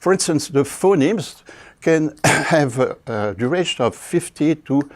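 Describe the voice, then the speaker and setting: A man's voice: fairly high pitch, expressive. Hesitant French-accented older male lecturer. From France. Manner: halting, many fillers and throat clearing. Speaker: linguistics professor. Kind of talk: university video lecture.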